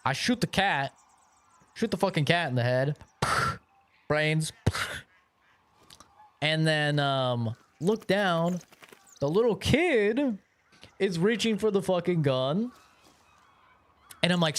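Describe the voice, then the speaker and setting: A man's voice: fairly high pitch, big pitch swings, takes it slowly, long pauses. A young man livestreaming, telling a long story in a casual, rambling way, swearing often and filling gaps with "like" and "bro". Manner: rambling, profane, lots of filler like "like" and "bro". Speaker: streamer.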